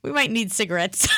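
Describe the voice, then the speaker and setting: A woman's voice: mid-range voice, a bit bright, slight background noise. A woman co-hosting a talk show, chatting and laughing as she tastes cupcakes with her mouth full. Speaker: co-host. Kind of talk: casual chat while tasting food.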